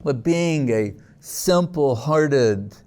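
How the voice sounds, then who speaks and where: Spiritual teacher, male, slow unhurried delivery, dark mellow tone, storytelling sermon. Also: medium pitch, lively intonation, clean tone. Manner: storytelling, voicing quoted figures, asks "right?". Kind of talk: devotional talk answering a question.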